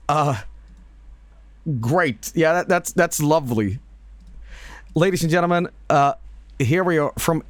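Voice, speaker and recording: A man's voice: mid-range voice, dry recording. A man streaming and reacting to videos in casual commentary, rambling with fillers, laughing and swearing.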